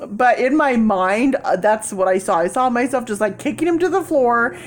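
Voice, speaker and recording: A woman vlogging in a casual, animated storytelling way, acting out people in quoted voices and laughing often. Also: a little high, normal speed.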